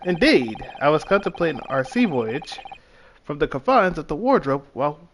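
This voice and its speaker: Reading game dialogue aloud, a man plays a pompous, eccentric male detective in a theatrical, grandiose style, occasionally stumbling over words. His voice is a little high and sing-song at normal speed, with a slight hiss or hum on the recording.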